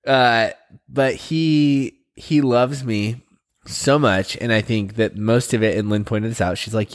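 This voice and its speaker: A man in his thirties co-hosting a podcast, chatting casually and easily with quick asides. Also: medium pitch, steady tone. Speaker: podcast co-host. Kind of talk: casual chat.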